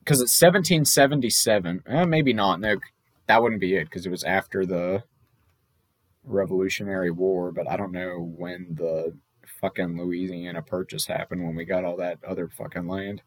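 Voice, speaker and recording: A man's voice: low voice, moderate pace, no echo. A young man casually playing a trivia game with a friend, reading questions aloud, swearing and laughing. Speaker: gamer playing a trivia quiz. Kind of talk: casual gaming commentary.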